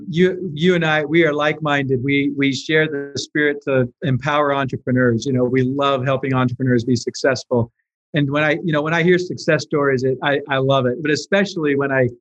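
Earnest male guest on dull lo-fi audio. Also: mid-range voice. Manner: earnest, explanatory, repeats words when starting sentences. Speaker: interview guest, business software founder. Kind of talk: conversational interview.

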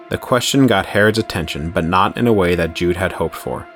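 Deep-voiced male horror narrator. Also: a little fast, faint music behind. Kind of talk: scripted horror story narration.

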